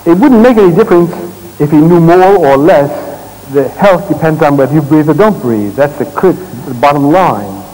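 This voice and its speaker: A man leading a live therapy demonstration on a stage, giving gentle, directive instructions in short commands and explaining to the audience as he works. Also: a little high, animated, moderate pace, rough recording. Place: stage at a congress.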